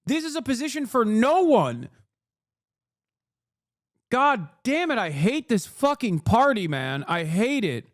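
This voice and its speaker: A man's voice: very high voice, sing-song, takes it slowly, long pauses, dry recording, clean studio sound. A man hosting a live stream, reacting to clips with exasperated, profane ranting. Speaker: streamer host.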